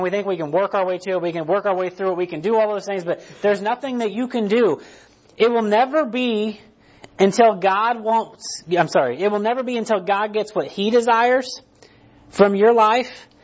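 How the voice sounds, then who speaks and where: A high-voiced pastor delivers a conversational sermon on a muffled recording, often asking "right?" and starting his sentences over.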